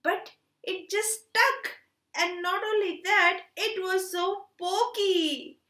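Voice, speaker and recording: Woman storyteller for kids; high, bright, slow and animated, recorded in an echoey room. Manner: animated, asks children questions. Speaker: storytelling teacher. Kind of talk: storytelling for children.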